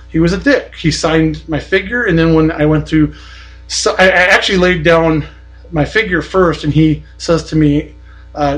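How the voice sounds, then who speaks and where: A man's voice: fairly high pitch, steady tone, brisk, faint music behind, poor audio. A man on a podcast telling a long, indignant story in a blunt, profane, casual way. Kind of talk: casual ranting anecdote.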